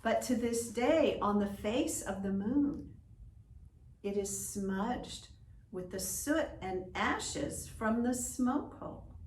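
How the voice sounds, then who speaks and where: A woman telling a folk tale in slow, expressive, drawn-out narration. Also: fairly high pitch, slight background noise. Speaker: storyteller. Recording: roomy echo, distant from mic.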